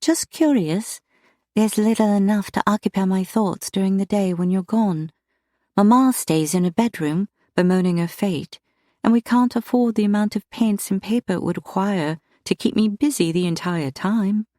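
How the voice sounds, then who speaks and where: A woman's voice: medium pitch, normal speed, dark tone, dry recording, clean studio sound, voice pushed up, close to an everyday voice. A woman voicing a timid, earnest young woman painter who speaks eagerly and a little breathlessly.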